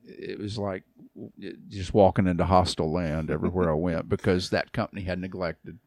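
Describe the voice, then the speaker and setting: A man around sixty, a youth pastor, tells a long story in a relaxed podcast chat, acting out quoted voices and laughing often. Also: low-pitched, normal speed, dry recording, studio quality. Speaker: youth pastor and church elder.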